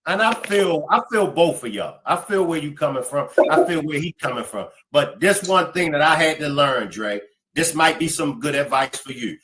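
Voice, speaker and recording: A man interviewing a couple, offering calm advice and asking direct questions. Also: a little high, normal speed, a little hiss or hum. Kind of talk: interview conversation.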